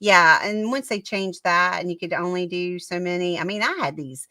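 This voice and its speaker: A woman's voice: on the low side, normal speed, pushed and bright, no room sound. A middle-aged woman in casual chat, plain and direct, laughing often.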